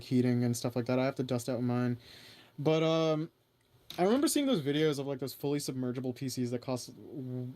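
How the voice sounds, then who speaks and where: A man's voice: medium pitch, mellow. A young man co-hosting a casual podcast from home, chatting in a laid-back, teasing way. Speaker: podcast co-host. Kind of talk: casual chat.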